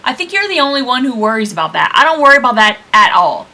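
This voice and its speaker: A woman's voice: fairly high pitch, sing-song, fast, vocal fry, pushed and bright. A woman co-hosting a book club livestream over a video call, chatty and laughing often. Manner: chatty, laughs often, reads out attendee names. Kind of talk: casual chat.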